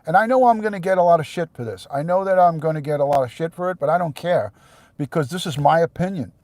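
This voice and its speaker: A middle-aged retired police detective, talking blunt and profane on a live stream, sometimes heated and shouting. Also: male voice, fairly high pitch, fast talker, no room sound. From New York. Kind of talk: live stream rant to viewers.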